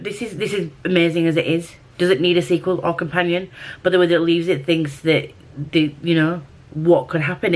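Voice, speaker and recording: A young woman chatting casually to camera at home about books, rambling and self-mocking, with casual swearing. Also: lowish voice. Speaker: book vlogger. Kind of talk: casual vlog chat to camera.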